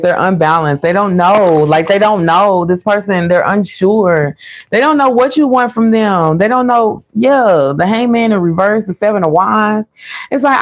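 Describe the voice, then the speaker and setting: A woman giving a casual, chatty tarot reading to her viewers, laughing often and calling them y'all. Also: mid-range voice. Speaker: tarot reader.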